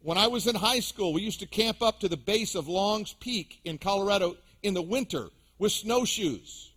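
A middle-aged man with a high-pitched voice delivers a sermon from the pulpit. He mixes scripture with funny personal stories and often turns to question his congregation directly. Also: lively intonation, moderate pace, a bit bright, breathy edge. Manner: storytelling, humorous, addresses the congregation directly. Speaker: pastor.

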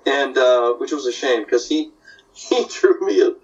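A man's voice: medium pitch, measured pace, recorded from a distance, dull audio. An older man, a comic artist, telling stories in casual talk and putting on voices for the people in them. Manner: animated, puts on voices in anecdotes. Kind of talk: casual storytelling.

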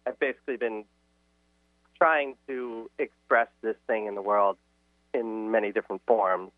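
A man calling in to a radio show, speaking hesitantly and softly about his plans. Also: lowish voice, steady tone, normal speed, dry recording. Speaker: caller. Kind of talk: phone-in conversation. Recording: tinny phone line.

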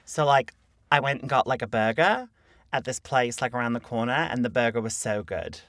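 A man's voice: medium pitch, lively intonation, fairly bright tone, no echo, pitched below the performer's own voice. A man putting on a playful, admittedly shaky Australian accent in a recording studio. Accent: put-on Australian. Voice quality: hesitant, deliberately imperfect accent.

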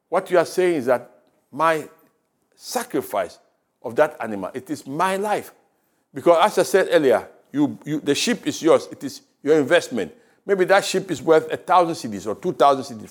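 A man with a Ghanaian English accent preaching a sermon, with rising emphasis and quiet drops. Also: mid-range voice. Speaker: pastor. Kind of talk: radio sermon. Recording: radio broadcast.

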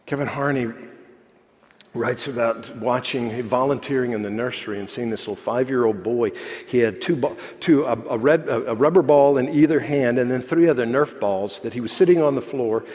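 A man preaching a sermon, moving between animated preaching and soft, quiet storytelling. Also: medium pitch, moderate pace. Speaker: pastor. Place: church sanctuary. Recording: long hall reverb.

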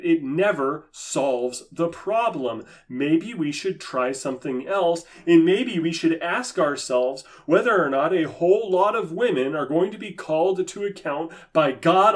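A man delivers fired-up religious commentary with a slightly high voice. He is sarcastic and emphatic, and he lectures in a preachy way that presses each point hard. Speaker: Christian commentator. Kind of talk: impassioned commentary.

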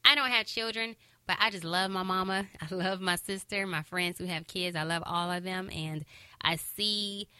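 A woman podcast host with a bright, crisp voice speaks in an encouraging, emphatic way, repeating her words for weight. The sound is dry and close. She talks casually and from the heart. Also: fairly low pitch, moderate pace, dry recording. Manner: warm, encouraging, emphatic repetition.

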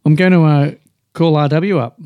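A man, co-hosting a casual beer podcast with quick joking banter. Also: fairly high pitch, fairly even intonation, clear, resonant tone, dry recording, narrow, tinny audio. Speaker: podcast co-host. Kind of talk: casual chat.

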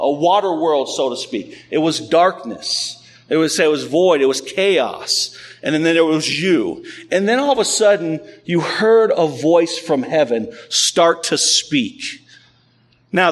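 A man pastor preaching a sermon to a congregation in an animated, conversational, storytelling way. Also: a little high.

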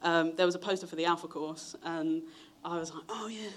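A man's voice: flat delivery, a little fast, a bit bright, a little hiss or hum. A young man, telling his testimony in a sermon in a chatty way, acting out the voices of people he quotes. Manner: chatty storytelling, acts out quoted voices with big pitch jumps. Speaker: preacher.

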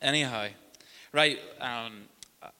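A man's voice: mid-range voice, slow pace, bright, forceful tone, clean tone. A man hosting an interview, asking casual, rambling questions. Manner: casual, loose, filler-heavy questions. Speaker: host. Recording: echoey room with faint hiss.

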